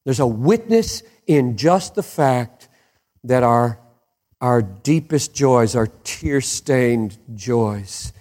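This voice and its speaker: A man preaching a sermon with passion, dropping to hushed lows and rising to emphatic peaks. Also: expressive, extremely slow. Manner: impassioned, swings from hushed to soaring emphatic peaks. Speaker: pastor.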